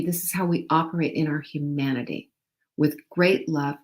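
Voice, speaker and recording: A woman's voice: deep voice, fairly even intonation, moderate pace. A middle-aged woman hosting a casual motivational talk, chatty and encouraging, reading out viewer comments as she goes. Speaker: host.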